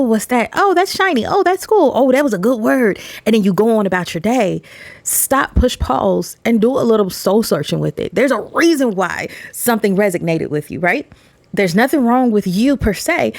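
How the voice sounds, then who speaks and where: A woman hosting a faith-based motivational talk, animated and preachy. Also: dry recording. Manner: animated, preachy, acts out voices with pitch jumps. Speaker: podcast host and motivational speaker.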